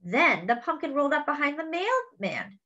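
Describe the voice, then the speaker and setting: Woman, children's read-aloud, expressive, lively, bright, dull lo-fi sound. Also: high voice, moderate pace. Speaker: children's story reader.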